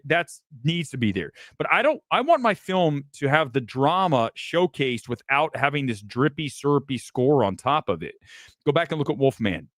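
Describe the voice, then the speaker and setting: A man hosts a live movie review stream and rattles off award picks in clipped fragments. He is blunt and opinionated and slides into profane, mocking rants. His voice sits at a middling pitch and sounds close and dry, with no room around it. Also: no room sound. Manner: talks in quick fragmented lists. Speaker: movie review show host.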